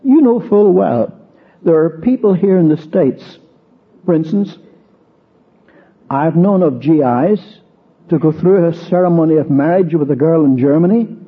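Slightly slow and marked by long pauses, a man's husky, fairly high voice delivers an expository sermon on a tinny, narrow-band old recording. He examines verses, emphasizing repeated words, then shares a personal story.

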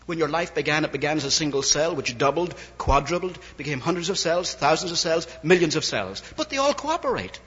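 Lively old-time preacher in a hall. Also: male voice, sits high, breathy edge. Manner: storytelling, quoting others in dialogue. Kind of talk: sermon. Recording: lo-fi old recording in a reverberant hall.

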